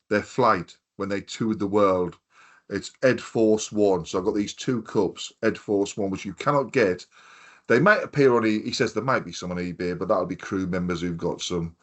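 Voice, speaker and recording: Fairly low in pitch and moving at normal speed, this man in his fifties co-hosts a podcast. He tells meandering, expletive-heavy stories in casual chat, quoting other people's voices along the way.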